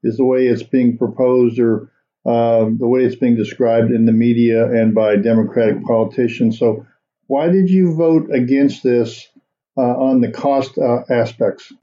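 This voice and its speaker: A man hosts a political commentary show, speaking in a loose, rambling way. His voice is very dark and mellow, and the recording sounds dull and lo-fi. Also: mid-range voice, fairly even intonation, measured pace. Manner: rambling, unscripted, with fillers. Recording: dull lo-fi audio.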